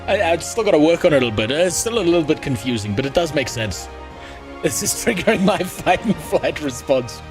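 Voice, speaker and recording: A man's voice: on the high side, very animated, a little fast, music in the background. Rambling crude male game streamer. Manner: rambling, crude, jokey, with frequent restarts. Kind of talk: casual gaming stream chat.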